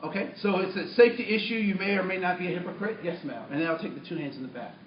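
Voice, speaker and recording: A man giving a storytelling talk to a workshop audience as trainer, animated, acting out his own lines with many restarts. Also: high voice, racing. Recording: distant roomy muffled room recording.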